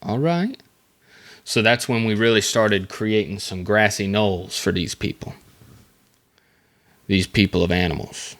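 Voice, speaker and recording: A man hosting a casual solo podcast. He reads facts aloud, then breaks off into rambling, jokey asides with lots of halting fillers and restarts. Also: lowish voice, fairly bright tone. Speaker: podcast host.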